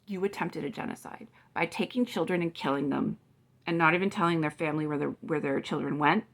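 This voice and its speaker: A woman's voice: sits low, brisk. Indignant, profane woman in her forties. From Canada. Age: 40s. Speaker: vlogger. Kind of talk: heated political rant to camera.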